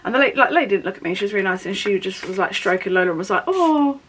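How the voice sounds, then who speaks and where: A woman's voice: mid-range voice, very fast, fairly bright tone, slight background noise, rough recording. A young woman, telling a long personal story in a rambling, candid way while doing her makeup for a get-ready-with-me vlog. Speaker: beauty vlogger.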